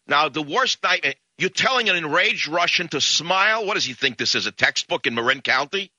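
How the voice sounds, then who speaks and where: A man hosting a radio talk show, telling a story in an indignant, animated way. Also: on the high side, normal speed, dry recording, dull audio.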